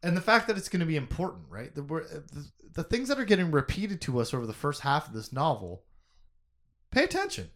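A man co-hosting a podcast, chatting casually about a novel in an animated, jokey way, thinking out loud with many restarts. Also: fairly high pitch, fast talker. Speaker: podcast co-host. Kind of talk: casual book discussion.

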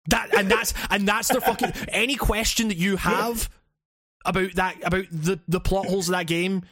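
A man's voice: high voice, fairly even intonation, normal speed, a bit bright, no echo, studio quality, soft background music. A man ranting about a game in casual chat, rambling and swearing with many restarts. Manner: rambling, profane, frequent restarts.

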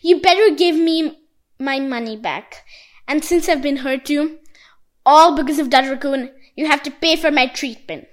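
A woman voicing an old male temple priest in a storybook reading, first polite and then yelling in outrage. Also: sits high, lively intonation, moderate pace. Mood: furious. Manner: shouting, indignant.

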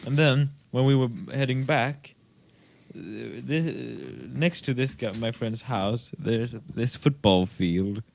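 A man co-hosting a podcast, telling a rambling story full of fillers and acted-out shouts. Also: mid-range voice, takes it slowly, vocal fry. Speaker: podcast co-host. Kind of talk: casual chat.

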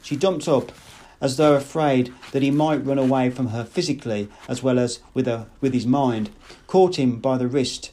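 A man narrating a literary audiobook in a measured, expressive way. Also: mid-range voice.

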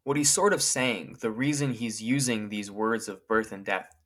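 A man co-hosting a podcast, explaining a famous speech in a clear, lecturing way and slowing down to quote lines from it. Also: fairly low pitch, fairly bright tone. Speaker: podcast co-host.

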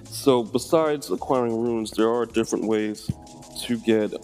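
A man's voice: medium pitch, unhurried, over music. A man co-hosting a casual gaming chat, explaining event rules with frequent ums. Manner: explanatory, many ums and you-knows. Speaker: co-host.

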